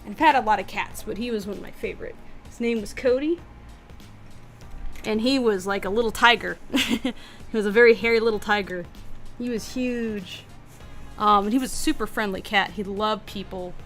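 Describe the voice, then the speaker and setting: A woman from New Hampshire with a mid-pitched voice chats on a live stream. She rambles cheerfully, filling gaps with ums. Faint music sits under her. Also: fairly bright tone. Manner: chatty and rambling, many fillers. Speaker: co-host of an animation stream. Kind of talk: casual chat.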